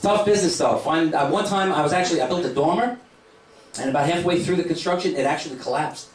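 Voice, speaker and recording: A middle-aged man doing a stand-up comedy set in a club, with a brash, punchy delivery and quick asides to the crowd. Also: on the high side. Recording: echoey club room, distant mic, crowd noise. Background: audience laughter.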